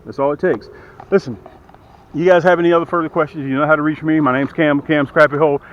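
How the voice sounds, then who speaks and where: By the water, a middle-aged boat dealer speaks fast in a steady, somewhat high voice while demonstrating a boat. The how-to is casual and folksy, aimed directly at viewers as he works, and lifting leaves him a bit out of breath. Expect lo-fi sound with slight hiss or hum.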